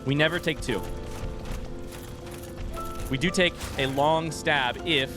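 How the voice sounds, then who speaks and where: A man's voice: on the high side, slow. A man streaming a game live, talking to himself and his chat and yelping at near misses. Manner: excitable, yelps and shouts at near misses; talks to himself and chat while playing. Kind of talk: live gameplay commentary. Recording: clear music behind.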